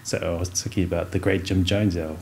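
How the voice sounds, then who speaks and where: Deep gravelly male storyteller. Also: level tone, a little fast, warm tone, slight background noise. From Samoan heritage. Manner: storytelling, acts out dialogue, laughs often. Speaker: guest, former rugby league player. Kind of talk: casual interview chat.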